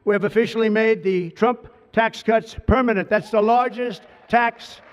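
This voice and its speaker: A man's voice: high voice, fairly even intonation, moderate pace. An American man giving an ad-libbed public speech at a ceremony, rambling and digressive, repeating lavish praise. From United States. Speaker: politician addressing a crowd. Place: large outdoor ceremony at an official residence. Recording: dull reverberant public-address sound.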